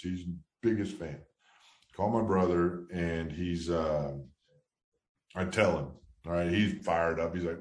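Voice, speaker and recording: A man with a very low voice tells a long story in an echoey room. He rambles and restarts often. He speaks casually, as a guest in a relaxed interview. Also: unhurried. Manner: rambling, many restarts, low-key then excited. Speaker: former baseball player, guest.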